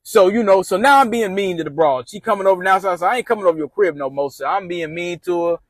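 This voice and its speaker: A man's voice: high-pitched, quick pace, dry recording. A man telling a long personal story in casual slang, rambling and acting out what his friends told him.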